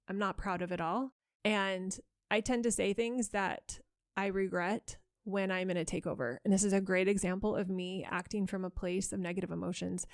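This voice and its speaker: A woman hosts a parenting podcast on her own, telling a story in an earnest, self-critical voice. Her pitch sits in a middle range. The sound is dry and close, with no room echo. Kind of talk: reflective solo podcast storytelling.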